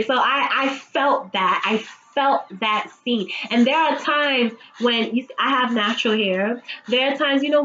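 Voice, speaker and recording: A woman's voice: on the high side, fairly bright tone, lo-fi sound, a little hiss or hum. A woman giving a casual, chatty recap of a TV episode, swearing freely and laughing often. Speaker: TV episode reviewer.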